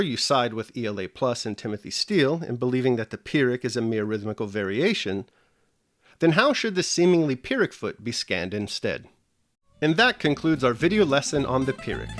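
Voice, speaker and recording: A man runs through a scripted video lesson in a medium-pitched, lively voice with lots of pitch movement, talking directly to viewers and explaining each step carefully. The recording is dry and close, with no echo at all.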